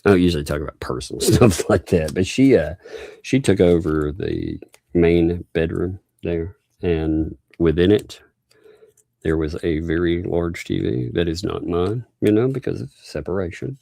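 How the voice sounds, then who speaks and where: Gravelly deep-voiced man chatting on a livestream. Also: moderate pace, mellow. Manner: rambling, chuckles often, talks to chat directly. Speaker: livestream commentary host. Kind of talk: casual live-stream commentary.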